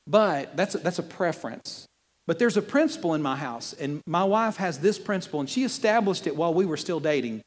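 A man preaching from a church pulpit, his voice sitting high for a man and lifting often when he gets excited. He talks to the congregation as if chatting, mixing jokes into the message. A long reverb from the sanctuary trails behind his words. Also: a little fast. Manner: animated, conversational preaching with playful asides. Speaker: pastor. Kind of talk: sermon.

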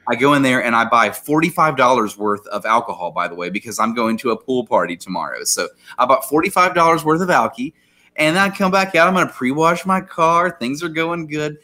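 A young man with a bright, forceful voice tells a long story on a casual podcast. He rants and swears freely, stumbling over restarts and fillers along the way. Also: medium pitch, lively intonation, fairly quick. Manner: heated, profane rant with frequent fillers. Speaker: podcast co-host.

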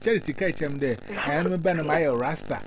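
A man's voice: fairly high pitch, quick pace, a little hiss or hum. A man giving earnest advice, mixing English words into his talk.

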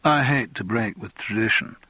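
A man playing a relaxed, clubbable young politician who teases easily. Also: fairly low pitch, normal speed, husky, no room sound, lo-fi sound. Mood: teasing. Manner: relaxed, teasing.

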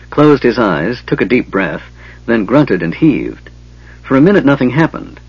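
A man narrating an audiobook in a steady, even reading. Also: lowish voice, slightly rough, no echo. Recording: dull lo-fi, dry.

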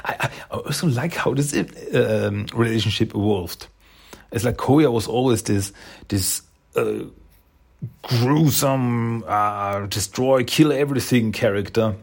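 A man talks through a comic with plenty of enthusiasm, stopping often on fillers. His voice sits at an ordinary pitch, with a gravelly, creaky edge and a husky, breathy grain. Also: slow pace. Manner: enthusiastic, hesitant with many fillers. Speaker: comic reviewer. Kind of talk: casual comic read-through.

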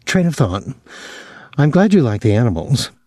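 A man voicing a bitter, restless young wife who speaks in a sharp, sardonic way. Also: mid-range voice, sing-song, normal speed, dry recording, clean studio sound. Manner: sardonic, cutting.

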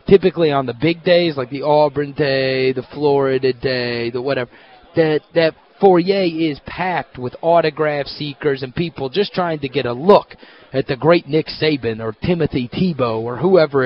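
A man hosting a sports radio show, telling stories in an animated, casual way. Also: fairly high pitch, moderate pace, lo-fi sound. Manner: animated storyteller, excitable. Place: hotel at a media event.

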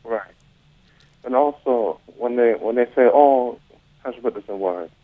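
A man's voice: medium pitch, moderate pace, no room sound. A man from Florida calling into a radio show, thoughtful, circling and rephrasing his question. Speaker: caller. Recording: tinny phone line.

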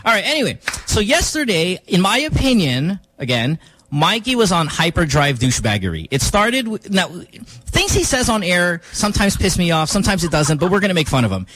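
Animated, high-voiced male radio host. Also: brisk, dry recording, poor audio. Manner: animated storytelling, quoting others with rising pitch. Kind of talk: casual chat.

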